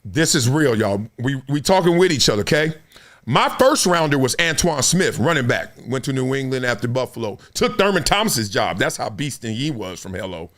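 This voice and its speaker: Mid-range in pitch and moderate in pace, this fifty-something sports talk host keeps it casual and slangy, laughing a lot. He brings his stories to life by acting them out and voicing the quotes.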